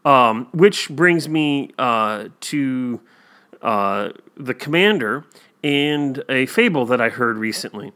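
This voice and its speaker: Here a man with a medium-pitched, expressive voice, slow yet pushed and bright, talks through a TV episode as a co-host. He tells meandering stories full of fillers, performing each quote.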